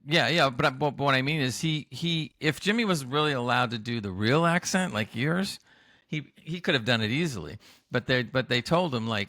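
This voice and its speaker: A man's voice: medium pitch, expressive, normal speed, sharp tone, no echo, clean studio sound. A man co-hosting a casual review chat over a video call, easygoing, with stammering restarts. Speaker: co-host of a TV review show.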